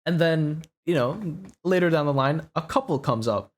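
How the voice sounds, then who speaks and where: A man's voice: fairly high pitch, animated, moderate pace. A young man co-hosting a podcast, telling a long story in a rambling, profane way full of "you know" and "right?". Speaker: podcast co-host. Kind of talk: casual storytelling chat.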